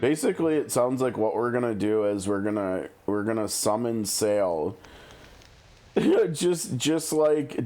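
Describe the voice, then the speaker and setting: A man's voice: lowish voice, dark tone. A man chatting casually while streaming a game, musing and thinking aloud. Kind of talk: casual gameplay commentary. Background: game music.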